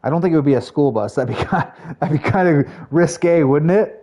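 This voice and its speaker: A man's voice: on the high side, brisk, dark tone, lo-fi sound. A man streaming live, chatting casually with his viewers in a rambling way with lots of fillers. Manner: chatty, rambling, talks to chat, frequent fillers.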